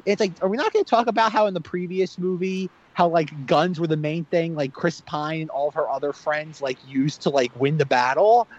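A man chatting casually about a film, animated and sarcastic, with lots of "like". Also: a little high, fairly quick, few pauses, highs cut off. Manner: animated, sarcastic, heavy use of "like". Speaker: podcast co-host. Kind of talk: casual film review chat.

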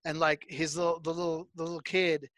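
A man's voice: a little high, level tone, brisk, a bit bright, dry recording. A man hosting a casual chat, talking with many stumbling restarts and acting out film quotes as he goes. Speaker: podcast host.

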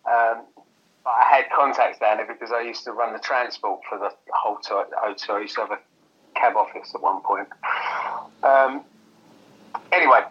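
A man's voice: lowish voice, steady tone, normal speed, slightly rough. A man, an event promoter, telling a story as an interview guest in a chatty way, laughing and acting out dialogue. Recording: dull phone-like line.

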